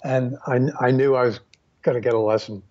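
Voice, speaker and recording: A man's voice: mid-range voice, steady tone, a little mellow. Man telling stories over a dull recording. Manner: unhurried, many fillers and restarts. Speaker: photographer guest. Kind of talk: reflective storytelling.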